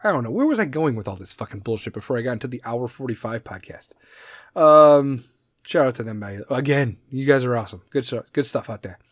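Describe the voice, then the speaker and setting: A man with a Chicago accent, ranting loudly about politics on a podcast, profane and rambling, slipping into mocking voices. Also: mid-range voice, lively intonation, fairly quick, dry recording, clean studio sound. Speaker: podcast host.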